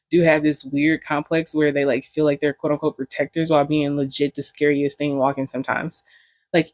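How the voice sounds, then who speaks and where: A woman's voice: low-pitched, dry recording. A young woman vlogging, telling stories in a candid, joking way full of profanity. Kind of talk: casual storytelling.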